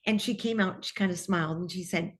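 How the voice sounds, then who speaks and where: A woman's voice: on the low side, brisk. A middle-aged woman, a TV personality, telling her own story earnestly in an interview and speaking openly of her faith. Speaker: TV personality and guest.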